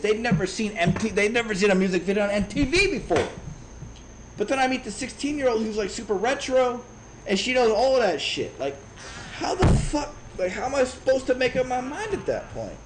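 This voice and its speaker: A man in his thirties from Chicago, telling a profane, animated story in a casual rant while streaming a game. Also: sits high, a little hiss or hum, poor audio. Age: 30s.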